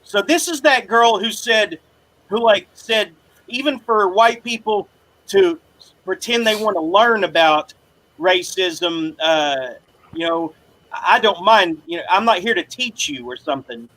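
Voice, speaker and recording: A man co-hosting a podcast in casual chat, cutting in with quick questions. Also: high voice, expressive, pushed and bright, poor audio. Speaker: podcast co-host.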